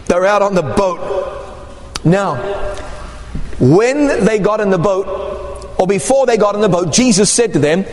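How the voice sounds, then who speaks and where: A man preaching a sermon, telling stories with lively acted-out quotes. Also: high-pitched, normal speed. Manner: animated storytelling with acted quotes. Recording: echoey hall with long reverb.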